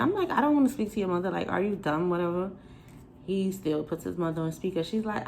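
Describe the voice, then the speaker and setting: A young woman from New York telling a storytime to the camera, animated and sassy, acting out the quoted lines. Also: on the low side, normal speed, slight background noise, low-quality recording. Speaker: vlogger. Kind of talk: storytime chat.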